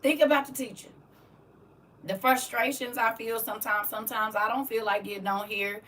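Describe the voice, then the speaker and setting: A woman's voice: fairly high pitch, fairly even intonation, moderate pace, fairly bright tone, recorded from a distance. A woman who teaches the Bible online, chatting casually on a livestream, speaking emphatically and repeating herself to drive points home. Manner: emphatic, repetitive, keeps asking "you hear me?". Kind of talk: casual livestream chat, reading viewer comments.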